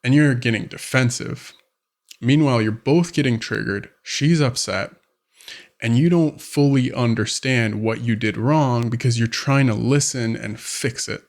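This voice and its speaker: A man's voice: mid-range voice, a little slow. A man who coaches on relationships, talking casually to camera and acting out everyday scenes. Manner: conversational, acts out scenarios with quoted voices. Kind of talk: direct-to-camera advice vlog.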